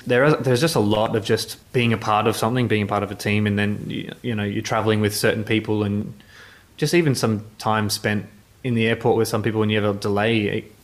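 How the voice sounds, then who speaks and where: A man's voice: on the low side, steady tone, a little fast. A man, a journalist telling casual anecdotes in an interview, rambling with many restarts. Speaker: motorsport journalist.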